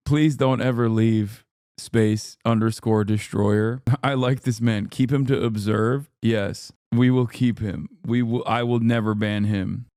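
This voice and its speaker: A man's voice: mid-range voice, steady tone, measured pace, darkish tone, smooth, dry recording, studio quality. A man streaming live, reading viewer chat aloud with amused sarcasm and breaking into mock voices. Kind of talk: casual live-stream reaction.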